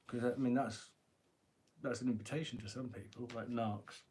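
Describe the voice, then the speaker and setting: Chatty tarot reader, average-pitched man, joking and casual on a phone live stream. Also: steady tone, moderate pace, darkish tone, slight background noise. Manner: chatty, joking, laughs often, swears.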